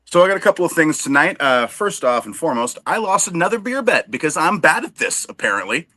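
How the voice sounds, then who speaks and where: Man, podcast co-host, bright voice, lively pitch, dry self-deprecating jokes, casual banter, dry close recording. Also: fast talker, no echo.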